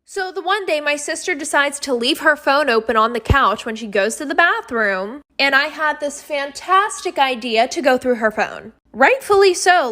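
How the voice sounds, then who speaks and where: Young woman, high bright pitch, chatty storytime narrator, dramatic and sarcastic. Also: lively intonation, normal speed, few pauses.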